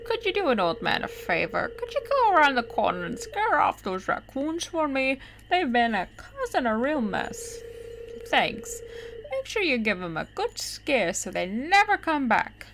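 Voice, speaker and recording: A woman putting on a gravelly old camper man. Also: high-pitched, very animated, measured pace, background noise, voice pushed up, heavily acted. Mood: gruff. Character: scruffy old male wild-living camper.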